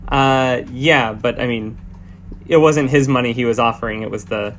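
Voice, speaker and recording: A man narrating as game master of a tabletop game, halting with many fillers and restarts. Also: medium pitch, a bit bright, a little hiss or hum.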